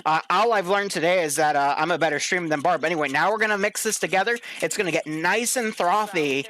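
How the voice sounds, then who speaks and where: Bright-voiced joking male streamer. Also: sits high, fast talker. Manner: playful, mock-instructional, swears often. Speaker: stream commentator. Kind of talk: joking live-stream banter.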